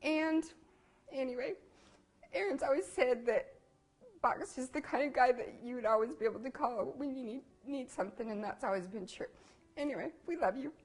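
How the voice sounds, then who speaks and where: A woman's voice: sits high, lively intonation, moderate pace. A woman leaving a chatty, rambling birthday message for an old friend, with little laughs. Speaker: family friend. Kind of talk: personal video message.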